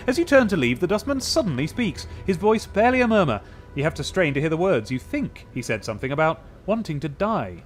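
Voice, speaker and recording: A man's voice: mid-range voice, big pitch swings, fast talker, faint music behind. A man playing a role-playing game, reading its text aloud and thinking through his choices in a casual, musing way. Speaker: let's play host.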